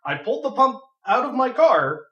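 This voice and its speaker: A young man casually telling a funny story on a podcast, animated and laughing as he goes. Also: extremely high pitch, moderate pace, lo-fi sound. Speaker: podcast co-host. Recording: echoey room, far from mic.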